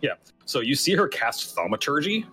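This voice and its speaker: A man's voice: medium pitch, sing-song, normal speed, sharp tone, breathy edge, faint music behind, rough recording. A man narrating as game master of a tabletop game, in a casual way with lots of fillers and restarts.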